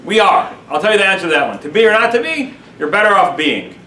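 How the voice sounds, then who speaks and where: A man with a high-pitched voice gives a lively class lecture as a rabbi and acts out his examples for the room. He sounds a little distant from the microphone, and the room adds a noticeable echo. A faint background noise sits under his voice. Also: fast talker.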